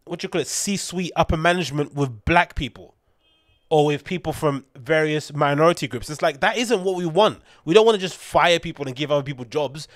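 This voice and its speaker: A British man with a fairly high voice hosts a rambling solo podcast, offering opinionated commentary packed with fillers and digressions. The recording is studio quality with no echo.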